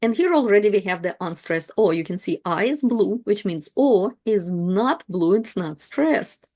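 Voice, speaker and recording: A woman teaching pronunciation, saying each word slowly and then repeating it. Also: medium pitch, animated, darkish tone. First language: Russian. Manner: repeats each word twice, slow and deliberate. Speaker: language teacher. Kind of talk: slow, clear pronunciation lesson.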